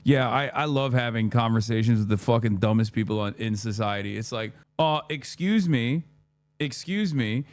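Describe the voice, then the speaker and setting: A man's voice: on the low side, fairly quick, hardly any pauses, smooth, no echo. A man streaming his reactions to clips, mocking and heated, swearing often and laughing at what he watches. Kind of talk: profane reaction commentary.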